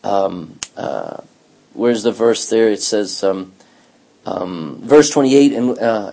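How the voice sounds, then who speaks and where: A man's voice: lowish voice, lively intonation, slow, vocal fry, mellow. A man leading a Bible study, reading scripture aloud and explaining it with emphatic repetition and questions to the class. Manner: emphatic, repeats key words, asks the class questions. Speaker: Bible teacher.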